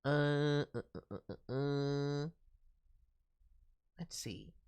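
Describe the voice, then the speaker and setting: Woman streamer, slow delivery, enthusiastic with stammering fillers, voicing fan characters. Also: low-pitched, a little mellow, clear, resonant tone. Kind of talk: live-stream chat.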